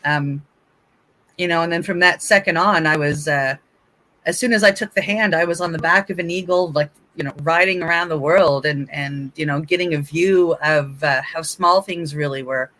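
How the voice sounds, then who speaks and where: A woman, a show co-host sitting in as guest, recounting a personal experience in a halting, reflective way, full of "like" and "um". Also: deep voice, a bit bright, low-quality recording. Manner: halting, many "like" and "um" fillers.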